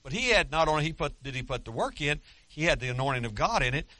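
Middle-aged man, pastor giving a folksy, joking sermon; bright, forceful voice, dry close sound. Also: fairly high pitch, lively intonation, fast, no echo. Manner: folksy, joking, rising to loud emphatic preaching.

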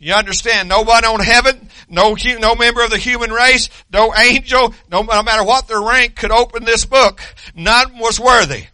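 A man's voice: extremely high pitch, moderate pace, bright, forceful tone, no echo. An older man preaching a sermon in an emphatic, repetitive way, with many hesitations.

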